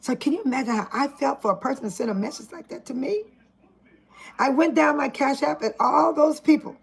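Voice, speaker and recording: A woman's voice: high voice, fairly quick, creaky. An older woman chatting casually on a live stream from home into her phone, laughing often and calling out to her viewers by name.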